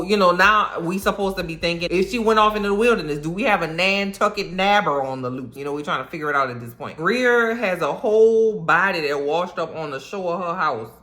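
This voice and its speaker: A woman recapping a TV episode in a sassy, animated way, full of slang and mock outrage. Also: sits low. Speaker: TV recap vlogger.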